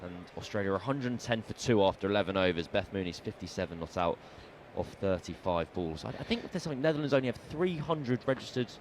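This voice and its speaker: A man's voice: lowish voice, animated, fast, few pauses, slight background noise. A man co-commentating on radio cricket, telling stories in a playful, jokey way and stumbling over names. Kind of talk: casual sports radio chat.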